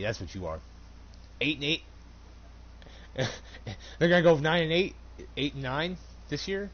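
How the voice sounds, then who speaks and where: A young man rants about his cashier job while he plays, swearing freely and laughing through his story. His voice sits fairly high and swings widely in pitch. The recording sounds dull and lo-fi. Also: sing-song, measured pace, long pauses. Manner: profane, laughing, heated retelling. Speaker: store cashier. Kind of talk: casual storytelling while gaming.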